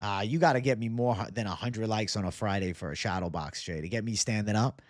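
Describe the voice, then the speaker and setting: A young man hosts a casual livestream, reading out viewer comments and talking loosely with lots of swearing and bro-talk. His lowish voice moves fast, in a dry, clean studio recording.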